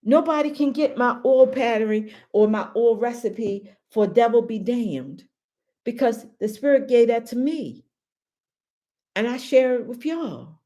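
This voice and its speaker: A woman's voice: on the high side, lively intonation, a little slow, dark tone. A woman hosting a casual live stream. She talks to her viewers in a heartfelt, grateful way, repeating her phrases and calling them baby and y'all.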